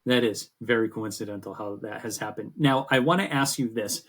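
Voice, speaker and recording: A man co-hosting a sports podcast, telling rambling, animated stories in casual chat. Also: lowish voice, a little fast. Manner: rambling, animated storytelling with swearing. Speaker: podcast co-host.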